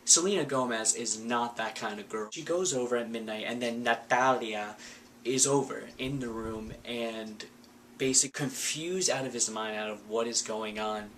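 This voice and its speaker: Bright-voiced sarcastic young man. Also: mid-range voice, moderate pace, slight background noise. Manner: sarcastic, heavy on filler words. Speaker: vlogger. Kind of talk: casual movie recap.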